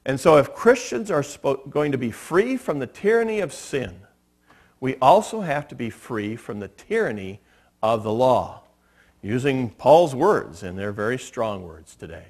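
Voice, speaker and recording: Lively, animated male pastor preaching. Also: medium pitch, a little slow. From United States. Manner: conversational, anecdotal preaching with light humor. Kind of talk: sermon. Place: church sanctuary.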